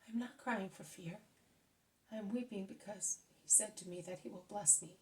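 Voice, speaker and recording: A woman reading the lines of an overwhelmed young woman, speaking in a halting, emotional way. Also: mid-range voice, a little mellow, natural voice. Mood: tearful.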